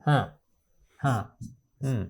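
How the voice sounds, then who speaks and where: Speaking very slowly in a creaky, mid-range voice, a man teaches his way through an exam paper. He's repetitive, circling back to each point several times, and he poses questions that he then answers himself in this recorded lesson.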